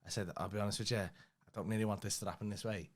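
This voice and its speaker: A man's voice: on the low side, fairly even intonation, racing. A young man, co-hosting a casual podcast and telling rambling, sweary anecdotes. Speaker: podcast co-host. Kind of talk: casual chat, storytelling.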